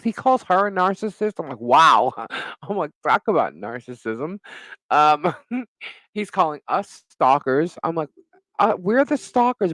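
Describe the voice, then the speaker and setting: A middle-aged podcast co-host tells a story about a neighbor on a live talk show, animated, laughing often and swearing freely. His voice is a little high, with no room sound and low-quality recording.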